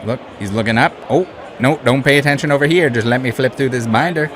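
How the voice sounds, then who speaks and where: A man's voice: medium pitch, fast, a crowd in the background. A man hosting a reaction commentary who speaks in a blunt, indignant way and swears often. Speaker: channel host.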